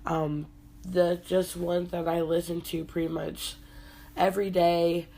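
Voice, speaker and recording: Congested young woman, low and gravelly. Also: little pitch movement, unhurried, mellow, slight background noise. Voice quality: hoarse, husky from illness. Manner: low-energy, laid-back. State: congested, sick. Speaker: podcast host. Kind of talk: casual solo podcast chat.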